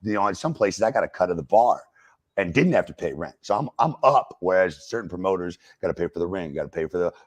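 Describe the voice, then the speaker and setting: Deep-voiced, profane storytelling man. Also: animated, fast, dry recording. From United States. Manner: profane storyteller, lots of fillers. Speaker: wrestler and stand-up comic guest. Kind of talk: casual uncensored interview.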